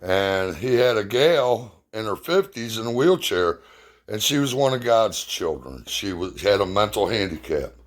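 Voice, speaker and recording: Deep-voiced man telling a blunt personal story. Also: big pitch swings, unhurried. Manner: blunt, emotional, swears freely.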